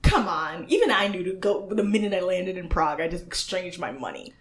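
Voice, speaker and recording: Young woman, podcast co-host, giggly, chatty, lively pitch, roomy echo. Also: a little fast. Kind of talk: casual chat recapping a TV show.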